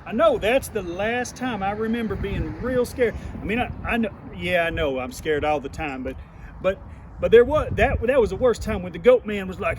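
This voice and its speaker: With traffic audible in this outdoor clip, a man in character as a children's Bible teacher gives a playful, folksy lesson for kids. His voice is high-pitched and animated, at a moderate pace.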